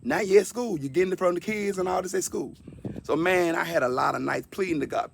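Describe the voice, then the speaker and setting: A man's voice: sits high, fast, gravelly, background noise. A man in his fifties giving a personal testimony in an earnest, conversational way, often repeating words for emphasis. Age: 50s. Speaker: speaker sharing a personal testimony.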